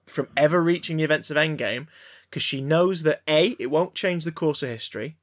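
Male podcast co-host, rambling deadpan banter, lots of restarts. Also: fairly high pitch, a little fast. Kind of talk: casual banter about films.

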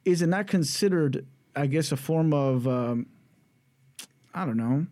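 A man's voice: fairly high pitch, unhurried, dark tone. A man in a casual debate who talks over others, restarts sentences and keeps repeating his point while defending his faith. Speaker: believer defending the Bible.

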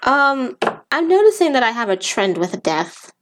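A young woman co-hosting a casual podcast chat, teasing and reacting quickly. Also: a little high, very animated. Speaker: podcast co-host.

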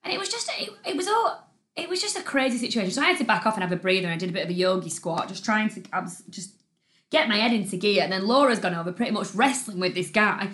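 A young woman, co-hosting a casual podcast and telling stories in an animated, chatty way. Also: medium pitch, fast. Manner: chatty, animated storytelling with laughs. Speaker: podcast co-host. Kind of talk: casual chat.

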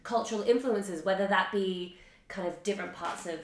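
A woman's voice: mid-range voice, normal speed. A young woman hosting a podcast, asking tentative, hedging questions. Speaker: podcast host. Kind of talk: casual interview. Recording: roomy echo, faint noise.

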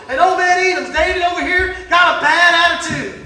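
A man with a very high, bright, ringing voice preaches a fiery sermon. He swings from shouting to hushed asides. The sound comes from a distance, deep in an echoey church hall. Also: normal speed, hardly any pauses, slight background noise. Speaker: pastor.

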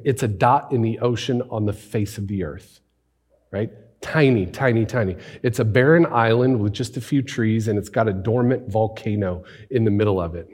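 A male pastor preaching a conversational sermon, animated and full of rhetorical questions, sometimes dropping to a hushed near-whisper for emphasis. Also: mid-range voice, breathy edge.

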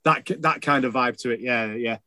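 A man's voice: medium pitch, fairly quick, crowd noise. A man chatting casually on a podcast, rambling and enthusiastic, swearing freely. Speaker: podcast co-host.

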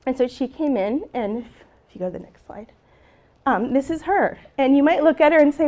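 A woman's voice: on the high side, moderate pace, darkish tone. A middle-aged woman teacher giving an earnest, emotional talk about her classroom, speaking to an audience with slides.

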